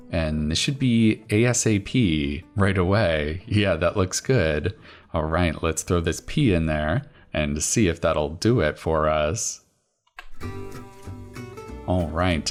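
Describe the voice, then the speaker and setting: A man solving a crossword and thinking aloud in a casual, musing way, talking himself through each clue. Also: low voice. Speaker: crossword solver and channel host.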